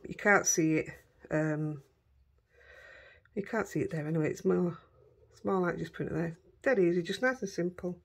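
Chatty Yorkshire woman, low husky voice. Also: normal speed, long pauses. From Yorkshire, England. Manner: chatty, talks to herself and her dogs while working. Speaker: craft vlogger. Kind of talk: casual crafting chat.

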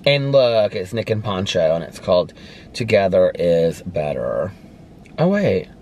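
A man's voice: sits low, expressive, measured pace, a little mellow, slight background noise. A man with an American Midwest accent chatting casually to his viewers from a parked car, rambling and friendly. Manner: chatty, rambling, addresses viewers as you guys. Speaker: vlogger. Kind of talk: casual vlog chat.

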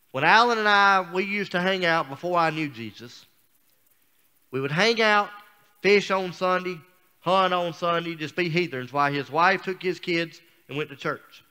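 A man's voice: a little high, pushed and bright, clear, resonant tone. A man speaking as a guest preacher, telling a personal story in a folksy, down-home sermon style.

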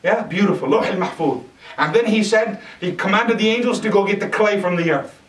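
A male lecturer preaches in a mosque with lively energy, turning often to quiz the crowd. His voice sits a little high for a man. It comes from some way off the microphone, ringing in a roomy, echoing hall. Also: brisk. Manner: animated, asks the audience questions. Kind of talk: sermon. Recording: echoey hall, distant mic.

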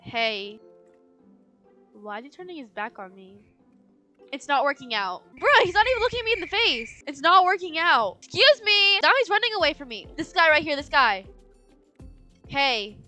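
A young woman giving casual let's-play commentary, high-pitched and swooping all over her range. Her tone is bright and crisp, and she is playful and dramatic. Faint game music plays underneath. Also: sing-song, normal speed, pauses often. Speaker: gaming channel host.

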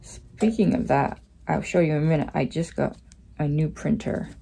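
A woman's voice: low-pitched, normal speed, gravelly, warm tone, breathy edge. A woman hosting a casual crafting vlog, chatty and rambling, with plenty of fillers as she talks. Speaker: crafting channel host.

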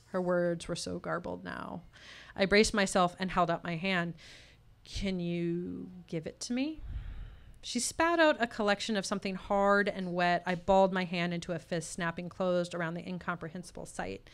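A woman's voice: on the low side, fairly even intonation, normal speed, gravelly. A woman telling a personal story at a live storytelling showcase, voicing the people in it as she goes. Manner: personal story told with tense quoted dialogue.

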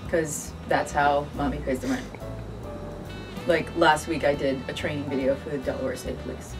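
A woman's voice: deep voice, steady tone, moderate pace. A woman guest in a casual interview, playful and sarcastic, laughing easily as she talks about her acting work. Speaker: actor and director, guest. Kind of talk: casual interview chat over drinks. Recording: distant mic with clear background music.

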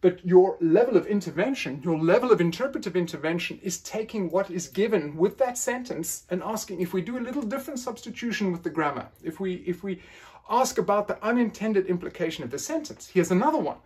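A man's voice: high voice, animated, a little fast, a little mellow, slightly rough. A man lecturing in an academic style, playfully acting out quoted phrasings with questioning tones.

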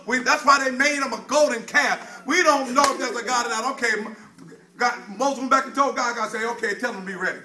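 Male preacher, high and bright, fiery call-and-response delivery. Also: brisk. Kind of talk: sermon.

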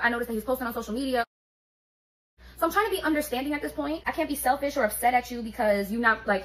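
A woman, telling a story on her vlog in an animated, profane, streetwise way. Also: fairly high pitch, low-quality recording. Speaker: beauty vlogger.

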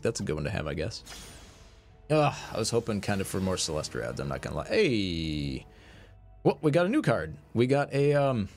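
Excitable male streamer with faint music. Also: on the low side. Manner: excitable, self-mocking, swings between hype and deflated mumbling. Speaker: game streamer. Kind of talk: live-stream commentary on gacha pulls.

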